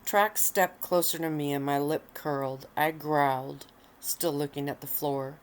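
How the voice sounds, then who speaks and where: A woman softly reading her own story aloud at home, relaxed and unhurried, lounging on pillows. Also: deep voice. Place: at home, lying on a bed of pillows.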